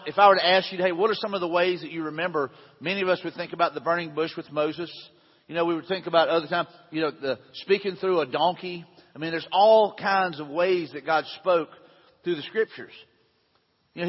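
A man's voice: fairly high pitch, breathy edge. A middle-aged man preaching a conversational sermon to a room, asking the audience questions. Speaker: pastor. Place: large hall with audience. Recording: dull lo-fi sound in echoey hall.

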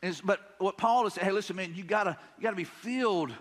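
A man's voice: high-pitched, fast talker, big-room sound. A man with a Southern US accent preaching a sermon as pastor, talking in a conversational, folksy way and often repeating himself. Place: church sanctuary.

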